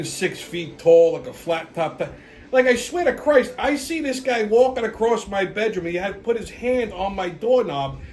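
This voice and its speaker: Man, host, casual storytelling rant, profane, exasperated, fairly high pitch. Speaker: show host.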